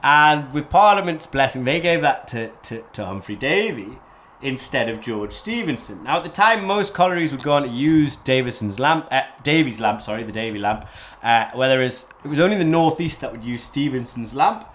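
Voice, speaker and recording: A man's voice: medium pitch, lively intonation, moderate pace, fairly bright tone, slight background noise. A man from North East England hosting a casual history podcast, rambling and often correcting himself. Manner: rambling, many restarts and self-corrections. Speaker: podcast host.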